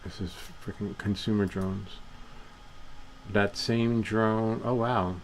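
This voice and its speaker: A man's voice: on the low side, steady tone, slow pace, a little hiss or hum. A man casually walking viewers through a screen-share tech video, chatty and rambling as he clicks along. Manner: rambling, chatty, laughs at his own stories.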